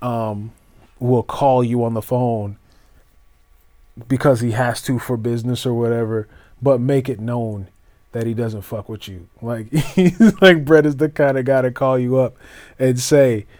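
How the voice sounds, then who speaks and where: A man's voice: mid-range voice, steady tone, unhurried, darkish tone, no room sound. A man hosting a solo wrestling podcast, talking casually with lots of fillers and restarts, now and then slipping into grand announcer-style flourishes. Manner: rambling, with many fillers and restarts.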